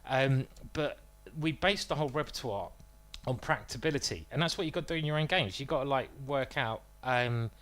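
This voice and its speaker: A man's voice: mid-range voice, fairly quick, hardly any pauses, fairly bright tone. A man talking casually on a live stream as a chess streamer, rambling and informal with the odd swear word.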